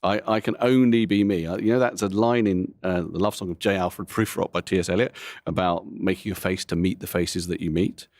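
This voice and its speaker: A middle-aged comedian talks candidly in a low-pitched voice, rambling through frank, self-deprecating asides. The recording is close and dry with no room sound. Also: male voice, fairly even intonation, fairly quick, a little mellow, no room sound. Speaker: comedian guest. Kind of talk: candid interview talk.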